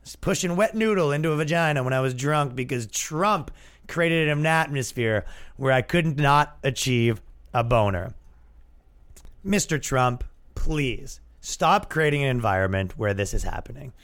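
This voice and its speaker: A man's voice: medium pitch, normal speed, a bit bright. A young man with a Canadian accent, hosting a comedy podcast in a crude, sarcastic, rambling rant. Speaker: podcast host.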